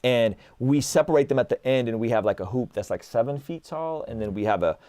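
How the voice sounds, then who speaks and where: A man's voice: mid-range voice, a little fast, no echo. A man in his thirties tells stories animatedly in casual conversation. He acts out the lines of other people, and his delivery is loose and peppered with "like" and "right?". His voice sits in a middle register and sounds dry and close. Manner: animated storyteller, acts out dialogue, frequent "like" and "right?". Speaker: guest.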